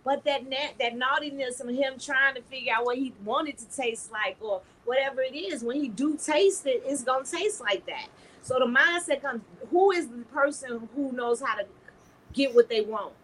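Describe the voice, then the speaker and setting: A woman's voice: high-pitched, normal speed, fairly bright tone, slight background noise, low-quality recording. A woman hosting a podcast, talking frankly and bawdily in casual chat, telling stories with laughter. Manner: frank, bawdy, laughing storyteller. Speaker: podcast host.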